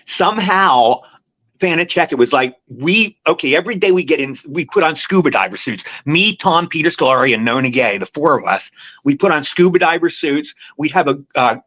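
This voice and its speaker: An older man talks quickly and runs from one anecdote to the next in loose, rambling chat, his voice sitting a bit high for a man. The recording is dry and a little dull and lo-fi. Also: lively intonation, bright, forceful tone, no echo. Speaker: actor guest. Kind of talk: casual interview chat. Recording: dry, slightly muffled lo-fi recording.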